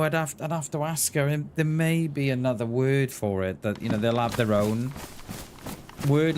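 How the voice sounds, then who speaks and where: A man's voice: medium pitch, darkish tone. Play a chatty Welshman streaming a game, with a light Welsh lilt and a mid-range voice, over a noisy background. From Wales. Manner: chatty, friendly, talks straight to viewers. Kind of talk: casual live-stream chat while playing.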